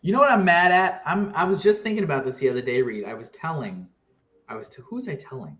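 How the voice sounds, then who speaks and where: Man on a dull, lo-fi remote line. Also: a little high. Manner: animated storyteller, quick asides. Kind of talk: casual live-stream chat.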